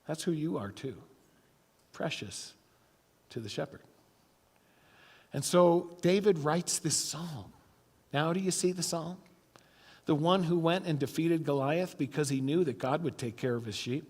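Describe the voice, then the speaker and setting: A male pastor delivering a sermon, telling a scripture story with emphatic stretches that fall to a hushed tone. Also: on the high side, moderate pace, husky. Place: church sanctuary. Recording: church hall reverb.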